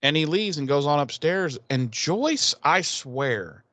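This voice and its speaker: A man's voice: fairly high pitch, big pitch swings, takes it slowly, a bit bright, no room sound. A man co-hosting a podcast, recapping a TV episode in casual chat, rambling and swearing with laughs. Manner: rambling, profane, laughing storyteller. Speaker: podcast co-host.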